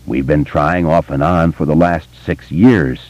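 A man voicing a quiet, thoughtful grown man who speaks low and measured. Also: fairly even intonation, no room sound, low-quality recording. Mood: plain.

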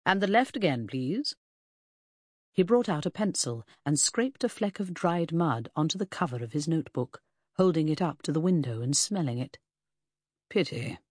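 A reader narrating a period mystery audiobook in a measured, husky voice. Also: male voice, on the high side, lively intonation, darkish tone, dry recording, clean studio sound. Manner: measured storytelling. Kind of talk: scripted narration.

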